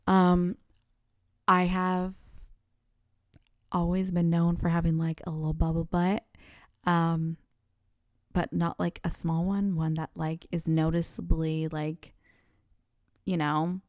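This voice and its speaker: A woman's voice: fairly low pitch, little pitch movement, takes it slowly, long pauses, dry recording, clean studio sound. A young woman hosting a solo podcast, talking candidly in a Valley Girl manner with lots of "like", keeping her voice down late at night at home. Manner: Valley Girl speech, many "like" fillers, candid and blunt; kept hushed late at night so her family can sleep. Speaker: podcast host. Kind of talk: casual solo podcast chat.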